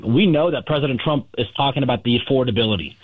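A man's voice: mid-range voice, fast, slightly rough. Explaining man on a dull line. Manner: explanatory, uses analogies, hesitant starts. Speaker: gold dealer guest. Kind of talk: radio interview segment.

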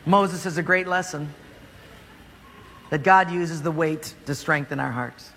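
A man preaching a sermon, retelling a story in a joking, animated way, in a church hall. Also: on the high side, measured pace, slight background noise.

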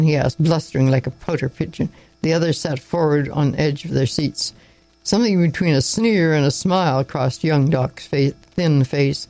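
A man narrating a story aloud in a plain, measured reading with small slips. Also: on the high side, steady tone, mellow, no echo, soft background music, poor audio.

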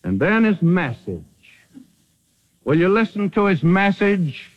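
A man preaching a sermon with dramatic swings from loud declarations to hushed asides. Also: sits high, very animated, slow pace, lo-fi sound.

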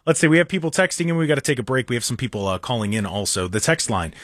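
A man's voice: medium pitch, animated, very fast, fairly bright tone, no room sound, studio quality. A young American man hosting a talk radio show, rambling and sarcastic with mocking asides. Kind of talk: casual opinionated talk radio monologue. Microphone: studio microphone.

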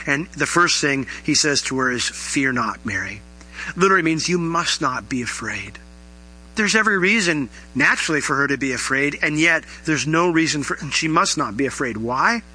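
A man preaching a sermon as pastor, animated, his voice rising high on emphatic questions. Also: normal speed, rough recording.

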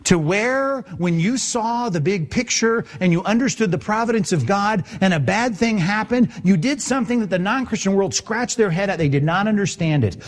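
Animated male pastor preaching. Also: sits high, moderate pace, few pauses. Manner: conversational, animated preaching with rhetorical questions. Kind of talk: sermon.

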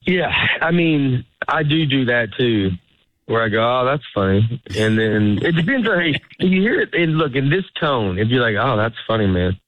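Rambling comedian on a tinny line. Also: male voice, mid-range voice, expressive, moderate pace, no room sound. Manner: rambling, self-interrupting, storytelling delivery. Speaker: stand-up comedian guest. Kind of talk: casual interview chat. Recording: tinny phone-like radio sound.

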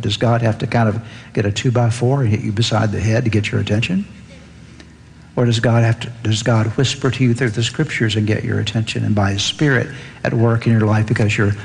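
A man delivers an earnest sermon from the pulpit, his voice at an ordinary middle pitch. He lifts it higher when he reads scripture aloud. A long hall reverb trails every phrase, as if he is in a church sanctuary. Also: vocal fry, a little hiss or hum. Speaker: pastor.

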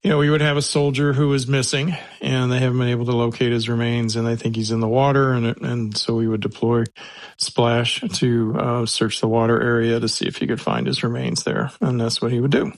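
A man speaks in a dry, close voice that sits at a middle pitch. He is a search and rescue handler telling stories in an interview. His telling is folksy and rambling, with jokes and restarts, and he talks the way he would to a friend. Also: steady tone, brisk, dry recording. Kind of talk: casual interview storytelling.

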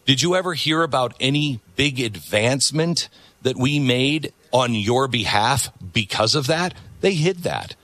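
A middle-aged man delivers pointed opinion commentary as a talk show host. His voice is bright and lively in pitch, recorded dry and close. He leans on repetition to drive each point home. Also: measured pace, no room sound. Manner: emphatic, repeats words for stress.

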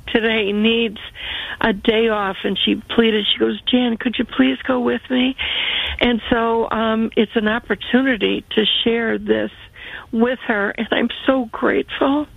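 Female caller on a phone line, gravelly and earnest, high-ish. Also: flat delivery, no echo. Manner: grateful, earnest, halting. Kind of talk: call-in radio testimony.

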